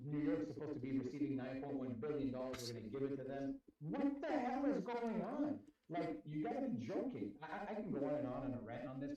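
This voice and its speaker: A man's voice: mid-range voice, dark tone. A man ranting heatedly about politics on a live stream, emphatic and profane. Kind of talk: political rant. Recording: distant, echoey, dull room sound.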